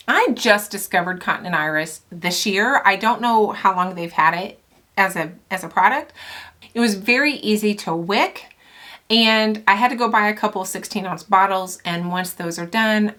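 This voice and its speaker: A middle-aged woman talks through her favorite scents in a casual, gushing vlog style, with little laughs and asides. Her voice is bright and forceful, with a middle pitch. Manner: chatty and enthusiastic, with laughs and asides. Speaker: small business owner reviewing fragrance oils.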